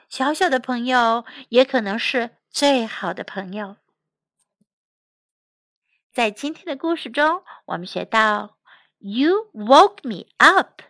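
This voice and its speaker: A woman teaching English to children, repeating each phrase slowly and clearly. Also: sits high, a bit bright, no echo. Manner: slow, clear repetition. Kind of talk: children's language lesson.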